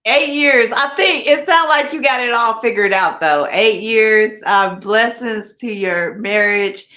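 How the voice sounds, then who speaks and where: A woman's voice: on the high side, a little slow, pushed and bright, muffled recording. A woman hosting a casual live interview, laughing often and asking rambling questions.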